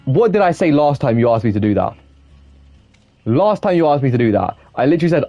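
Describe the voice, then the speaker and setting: A young man streaming a game, chatting loosely with his viewers and getting quickly exasperated at teammates, with many restarts. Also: a little high, sing-song, dry recording, highs cut off, faint music behind. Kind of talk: casual live-stream chat while gaming.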